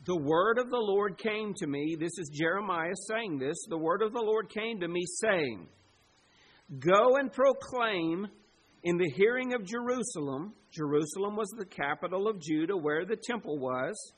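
A man preaching a sermon to his congregation, with sudden loud, emphatic bursts. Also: high voice, expressive, moderate pace, hardly any pauses, slight background noise, poor audio. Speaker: pastor.

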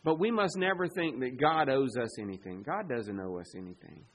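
A man preaching a sermon, rising to loud emphasis and dropping to quiet, low asides, stretching words as he reads scripture. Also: expressive, normal speed, low-quality recording. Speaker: pastor.

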